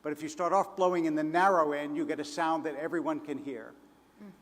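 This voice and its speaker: Male panel speaker, fairly high voice, measured anecdotal delivery, long hall reverb. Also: steady tone. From Philadelphia, United States. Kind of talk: public address at a conference.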